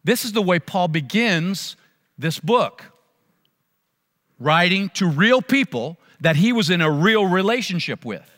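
A man preaching a sermon as a pastor, telling stories with animated delivery and acting out voices. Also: sits high, unhurried. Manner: animated storytelling, acts out voices. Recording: long reverb of a large hall.

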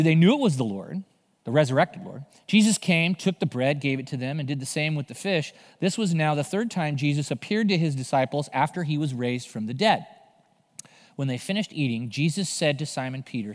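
Animated pastor in a reverberant church hall. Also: male voice, a little high, normal speed. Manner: animated storytelling, acting out voices. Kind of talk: sermon.

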